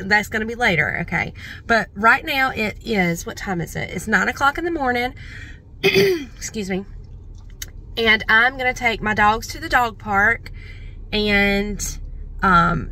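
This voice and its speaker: A woman's voice: on the high side, bright, forceful tone, slight background noise. A woman chatting casually to the camera in a vlog, talking firmly to her dogs from a car. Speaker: vlogger.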